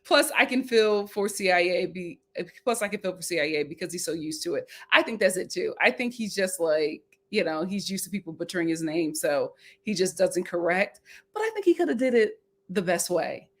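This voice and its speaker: A woman's voice: fairly low pitch, lively intonation, brisk. A woman hosting a casual reality show recap, reading out viewer comments and repeating her lines for emphasis.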